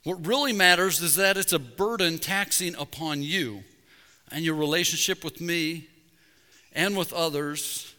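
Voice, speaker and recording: A man preaching a sermon as pastor, conversational with jokes, rising to loud emphasis at points. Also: a little high, a little slow. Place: church sanctuary. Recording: reverberant church sanctuary.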